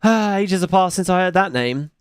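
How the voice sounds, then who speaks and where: Brief: man reading a guarded, stern castaway shaman; animated pitch. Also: moderate pace, clean tone, dry recording.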